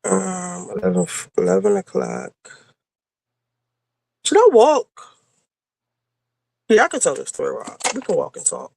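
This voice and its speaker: A woman co-hosting a chat show tells a rambling, casual story packed with fillers and swearing, recorded on a clip-on mic as she moves around indoors and then heads out. Her mid-range voice is sing-song, a little slow, and husky, with vocal fry, long pauses, and a darkish tone. There's no room sound.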